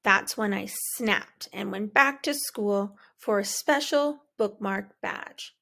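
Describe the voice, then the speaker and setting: Slow, expressive woman reading a picture book. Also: mid-range voice, vocal fry. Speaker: children's book reader. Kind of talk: storybook read-aloud.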